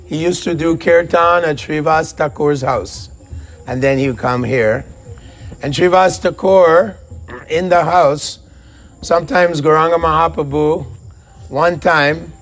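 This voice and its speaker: A man preaching and telling devotional stories in an animated way. His speaking voice sits somewhat high for a man. He often repeats words and phrases as he goes. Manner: animated storyteller who often repeats himself. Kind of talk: devotional storytelling lecture.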